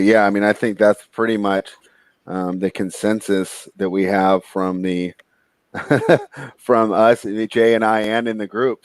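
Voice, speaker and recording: Easygoing low-voiced co-host man. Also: a little mellow, no room sound. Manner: easygoing, reads viewer comments. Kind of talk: casual sports betting chat.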